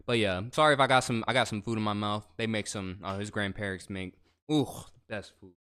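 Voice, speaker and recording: A man's voice: lowish voice, steady tone, brisk, fairly bright tone, clean tone. Chatty slangy man on a livestream. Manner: chatty, slangy, playful, says bro and y'all. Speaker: guest YouTuber. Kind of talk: casual livestream chat.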